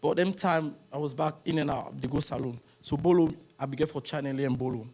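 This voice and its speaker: A man with a Sierra Leonean accent giving a halting, rambling funeral tribute, mixing Krio into his English. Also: fairly high pitch, darkish tone, breathy edge. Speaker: funeral speaker.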